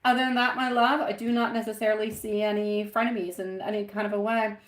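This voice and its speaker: A woman's voice: mid-range voice, little pitch movement, quick pace. A woman in her thirties giving a live-stream tarot reading, chatty and affectionate, calling viewers sweetie and my love.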